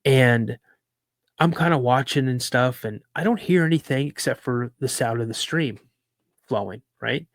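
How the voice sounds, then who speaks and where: A man in mid pitch, telling a story as a podcast guest. He builds it up with lively repetition, and the sound is dry and close. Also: unhurried, no room sound. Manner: lively storyteller, repeats words for emphasis. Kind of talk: recounting a personal encounter story.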